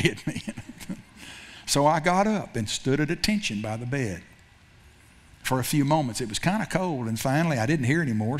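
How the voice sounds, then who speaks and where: This is a man preaching from the pulpit at an average pitch. He tells his story loosely, repeating himself and restarting his sentences as he goes. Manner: storytelling with repetitions and self-corrections. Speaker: pastor. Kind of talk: sermon.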